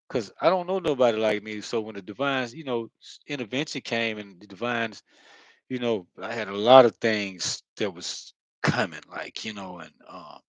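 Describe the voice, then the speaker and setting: A man giving a rambling, earnest spiritual monologue, halting with many fillers and heavy sighs, blunt and sometimes swearing. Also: on the low side, dry recording, low-quality recording. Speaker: spiritual vlogger.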